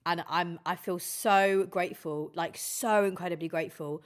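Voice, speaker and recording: A woman's voice: fairly low pitch, steady tone, normal speed. A woman, a DJ chatting candidly and emotionally on a podcast, swearing freely. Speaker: DJ and guest. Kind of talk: casual podcast chat.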